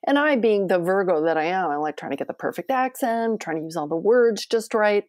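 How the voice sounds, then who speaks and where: A woman's voice: mid-range voice, animated, brisk, no echo, clean studio sound. A woman talking as a podcast guest, chatty and effusive, with many fillers. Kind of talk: casual conversation.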